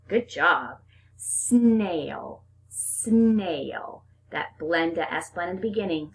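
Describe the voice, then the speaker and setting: A woman's voice: on the low side, slow. A woman teacher leading a phonics lesson for young children, upbeat and sing-song, stretching out the sounds.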